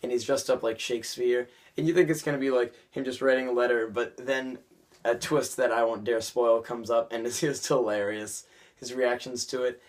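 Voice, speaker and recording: Young dude rambling about a cartoon ep, casual and chatty, middle pitch. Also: male voice, fairly even intonation, moderate pace. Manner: rambling, chatty, many fillers and restarts. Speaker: vlogger reviewing cartoon episodes. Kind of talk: casual episode review vlog.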